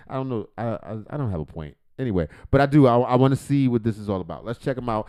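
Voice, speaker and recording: A man's voice: mid-range voice, lively intonation, fast talker, few pauses, warm tone. A man hosting a comedic livestream reaction, rambling, swearing and joking. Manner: rambling, profane, joking, self-interrupting. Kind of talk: casual comedic reaction commentary.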